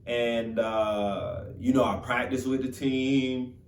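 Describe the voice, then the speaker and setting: A young man from Florida telling a motivational story in an animated, casual, conversational way. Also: mid-range voice, slow, slight background noise. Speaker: motivational speaker. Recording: roomy sound from a distant mic.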